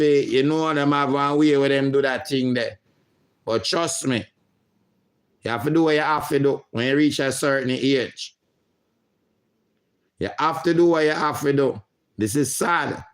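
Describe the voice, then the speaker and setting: A middle-aged man hosting a livestream, reading viewer comments aloud in a slow, emotional way. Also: on the high side. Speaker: livestream host.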